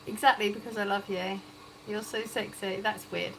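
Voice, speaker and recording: A woman's voice: mid-range voice, little pitch movement, moderate pace, gravelly, fairly bright tone, slight background noise, poor audio. A woman with an English accent hosting a casual livestream from her kitchen, reading chat comments aloud and laughing often. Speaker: livestream host. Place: home kitchen.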